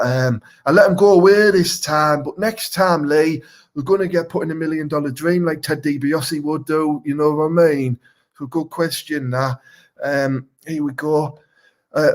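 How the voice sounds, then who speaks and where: A man with a slightly high voice close to his everyday speech uses a Teesside accent to play a crude, boastful wannabe local superhero. In character, he rambles and swears his way through a live comedy Q&A.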